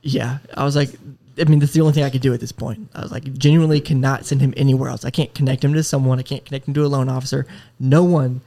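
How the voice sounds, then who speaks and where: A man co-hosting a podcast, casually telling a story in a worked-up, animated way with swearing. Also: medium pitch. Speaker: podcast co-host.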